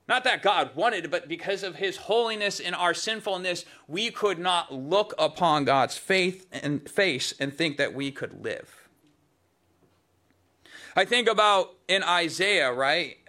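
A man preaching a sermon in a conversational, emphatic way, dropping suddenly to soft, low asides.

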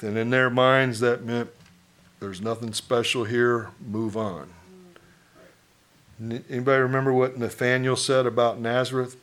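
Middle-aged male pastor, conversational sermon, mid-pitched voice, quizzes the congregation. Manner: conversational, asks the congregation questions, mock-quotes townsfolk.

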